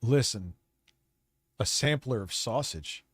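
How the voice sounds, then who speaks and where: A man streaming live, ranting in a profane and defensive way, his voice gravelly from a cold. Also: medium pitch, lively intonation, takes it slowly, a bit bright, dry recording. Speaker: streamer reacting to videos. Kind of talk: casual livestream rant.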